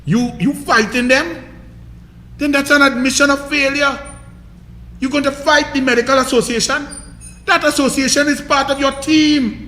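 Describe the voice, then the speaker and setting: A man's voice: extremely high pitch, steady tone, normal speed, long pauses, sharp tone, reverberant. A man with a Trinidadian accent hosting a political commentary show, scolding and mocking his targets in a combative rant.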